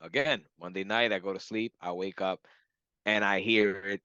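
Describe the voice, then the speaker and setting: Bright-voiced man telling a story. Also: low-pitched, normal speed, clear, resonant tone, dry recording, dull audio. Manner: animated, laughing, acts out quoted voices. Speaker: hypnotherapy client. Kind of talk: casual storytelling testimonial.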